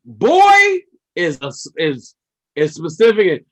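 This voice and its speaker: Brief: bright, high-voiced male comic, animated, acts out bits. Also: a little slow, slightly rough, rough recording. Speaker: podcast co-host. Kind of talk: casual comedic chat.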